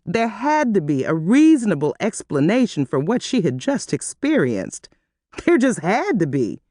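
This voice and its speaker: A woman narrating an audiobook in an expressive, animated reading style on a close mic. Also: medium pitch, no room sound.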